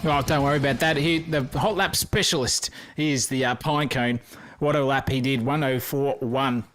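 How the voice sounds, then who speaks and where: A man's voice: medium pitch, fairly even intonation, moderate pace, a bit bright, soft background music. An Australian man doing colour commentary for a race with boisterous, slang-filled banter.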